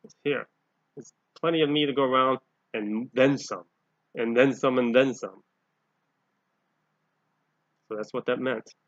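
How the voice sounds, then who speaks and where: A man's voice: medium pitch, steady tone, a little slow, pauses often, no room sound. A man reading Bible passages aloud and explaining them as a lay preacher, often growing emphatic. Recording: dull, lo-fi home recording.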